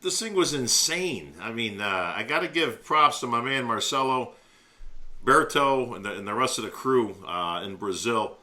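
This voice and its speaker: A man's voice: medium pitch, lively intonation, normal speed, bright, forceful tone. Laid-back man who keeps saying bro. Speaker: podcast co-host. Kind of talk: casual chat.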